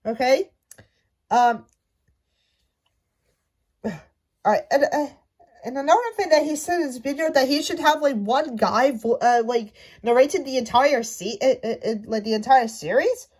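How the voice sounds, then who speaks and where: A woman's voice: high voice, normal speed, pauses often, a little mellow, breathy edge. A woman ranting casually about a show, stumbling through many restarts. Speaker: fan commentator. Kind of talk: casual rant to camera.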